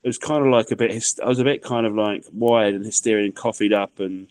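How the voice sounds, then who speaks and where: A man's voice: on the low side, steady tone, quick pace, a little mellow, dry recording. A man chatting casually as a comedian guest, telling anecdotes with acted-out quotes. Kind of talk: casual chat, storytelling.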